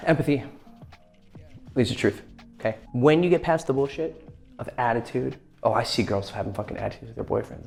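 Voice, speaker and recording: A man's voice: mid-range voice, fast talker, vocal fry, soft background music. A young man giving blunt, profane dating advice in a casual vlog. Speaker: dating coach.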